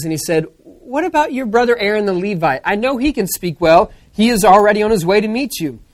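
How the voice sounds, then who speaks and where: A young woman preaching a sermon, retelling scripture as animated storytelling and acting out the quotes. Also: mid-range voice.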